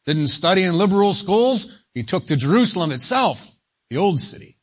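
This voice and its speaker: A man preaching an expository sermon, speaking deliberately and stretching key words for emphasis. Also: sits high, big pitch swings, a bit bright. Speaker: pastor.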